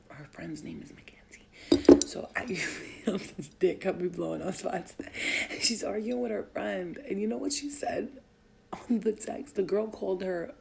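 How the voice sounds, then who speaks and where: Casting note: a mother vlogging, gravelly dark voice, swears and laughs through her story, faint noise behind. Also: mid-range voice. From Albanian family. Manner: profane, laughing, animated storytelling. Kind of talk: casual storytelling.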